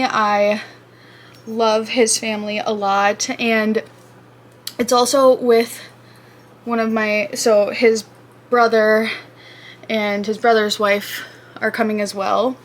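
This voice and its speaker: A woman's voice: fairly high pitch, fairly bright tone, slight background noise. Chatty young woman, rambling makeup talk. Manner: chatty, rambling, trails off and restarts. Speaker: beauty vlogger. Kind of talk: casual get-ready-with-me chat. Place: apartment room, indoors.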